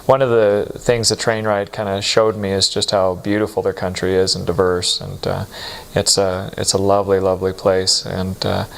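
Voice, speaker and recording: Low-voiced man telling a halting story. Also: little pitch movement, vocal fry. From United States. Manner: halting, many fillers and restarts. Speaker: interviewee recalling mission abroad. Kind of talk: recorded interview storytelling.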